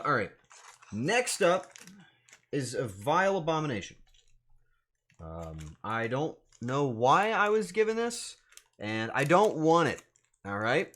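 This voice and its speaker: Animated, lively-pitched male streamer. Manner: animated, swearing, mock-outraged joking. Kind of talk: casual livestream chat.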